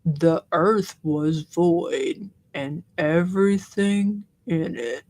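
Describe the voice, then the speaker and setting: A woman putting on a man's slow, monotone Southern voice reading scripture aloud. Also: on the low side, voice pushed down. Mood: droning. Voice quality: monotone, drawling.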